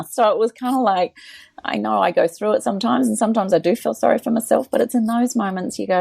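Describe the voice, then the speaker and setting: A woman co-hosting a casual podcast chat, talking earnestly at length and acting out quoted remarks in lively voices. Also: medium pitch, fast, vocal fry, husky, dry recording. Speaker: podcast co-host.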